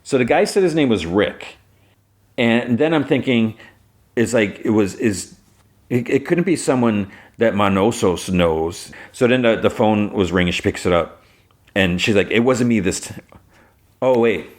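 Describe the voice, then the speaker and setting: Man, podcast host, deep voice, rambling casual recap. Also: animated, a little slow. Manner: rambling, filler-heavy retelling.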